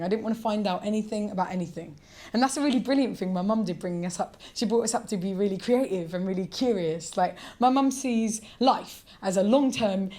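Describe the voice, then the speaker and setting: A woman in her forties performing stand-up comedy on a theatre stage, animated, exclaiming and self-mocking. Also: medium pitch, slight background noise.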